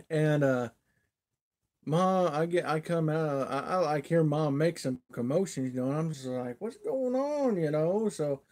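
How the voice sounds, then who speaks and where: A man's voice: fairly high pitch, a little slow, a little mellow. A man hosting a casual livestream, telling a rambling folksy story and chuckling often. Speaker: livestream host.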